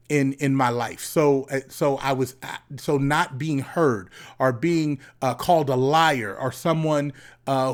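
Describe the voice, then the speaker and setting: Man, a therapist talking casually. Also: on the high side. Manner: conversational, repeats words, frequent tag questions. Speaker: therapist and host. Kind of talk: casual talk to camera.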